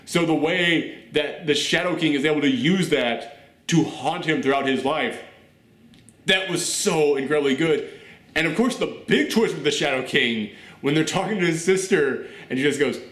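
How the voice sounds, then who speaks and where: A man reviewing a TV show on his channel, talking in an animated, rambling way and nearly shouting with enthusiasm. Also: fairly high pitch. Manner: animated, near-shouting, gushing. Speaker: YouTube reviewer. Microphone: camera mic. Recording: roomy echo.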